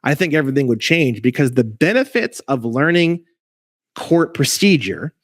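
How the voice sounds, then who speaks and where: A man's voice: medium pitch, sing-song, normal speed, dry recording, studio quality. A man ranting in casual conversation over a video call, emphatic, rambling and profane, as a guest legal researcher.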